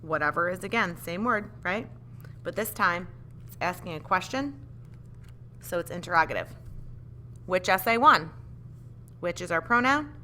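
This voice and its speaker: Bright-voiced woman teaching grammar. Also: on the low side, animated, moderate pace, pauses often, a little hiss or hum. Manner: patient, explains step by step, asks the class questions. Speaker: English teacher. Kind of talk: grammar lesson.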